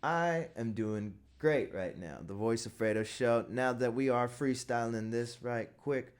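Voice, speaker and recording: Relaxed young man hosting a podcast. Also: medium pitch. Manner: relaxed, playful, quick affirmations. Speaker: podcast host, nephew. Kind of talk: casual podcast chat.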